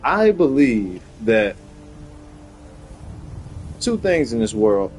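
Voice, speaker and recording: A man's voice: medium pitch, very animated, takes it slowly, pauses often, faint music behind, poor audio. Young man ranting on a podcast. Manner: heated, profane storytelling that climbs into loud outbursts. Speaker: podcast host. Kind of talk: casual chat.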